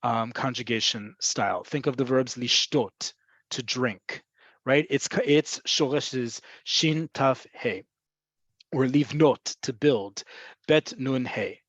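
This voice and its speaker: A man of middle pitch teaches an online webinar class, unhurried and explanatory, often pausing with ums and asking "right?" to check understanding. The audio is dry with no room echo and sounds a little dull, like a video call. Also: fairly bright tone, slightly rough. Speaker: Hebrew teacher.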